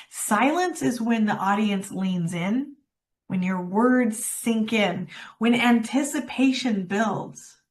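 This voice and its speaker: A woman coaching public speaking, talking expressively and demonstrating lines with dramatic pauses. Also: fairly high pitch, animated. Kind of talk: workshop presentation.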